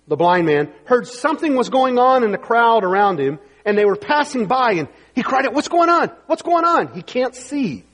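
Male pastor, husky and emphatic, preaching in a long-reverb hall. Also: high voice, fairly bright tone. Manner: emphatic preaching, reads scripture aloud. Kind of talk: sermon.

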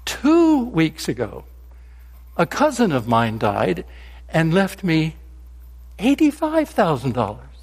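A man voicing an excited friend bragging about his inheritances as he builds toward a punchline. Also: a little high, slow pace, long pauses, breathy edge, long reverb tail, full character voice. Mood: eager.

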